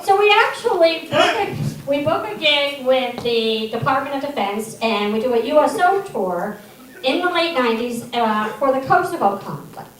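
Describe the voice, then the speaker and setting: High-voiced woman doing stand-up in an echoey hall. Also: normal speed, distant mic, slight background noise. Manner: animated, self-deprecating, wry. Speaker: student stand-up comedian. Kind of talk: stand-up storytelling. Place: comedy theater stage.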